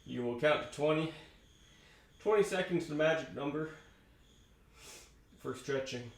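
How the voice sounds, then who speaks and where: Man, fitness coach, slow deliberate counting, a bit high, echoey room, short of breath. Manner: counts reps aloud while exercising, breathless at times. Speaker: fitness instructor. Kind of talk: home workout instruction with counting.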